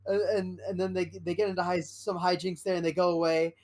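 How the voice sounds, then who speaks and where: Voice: mid-range voice, level tone, fast, a little mellow. A podcast co-host rambling through a fan theory in casual chat, full of restarts. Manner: rambling, many restarts and fillers.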